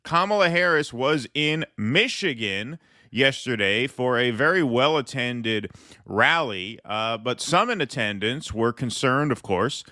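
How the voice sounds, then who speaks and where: Sarcastic podcast host, man in his thirties, bright forceful voice, dry close mic. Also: medium pitch, lively intonation, a little slow, no room sound. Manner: sarcastic, mocking. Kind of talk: casual political commentary.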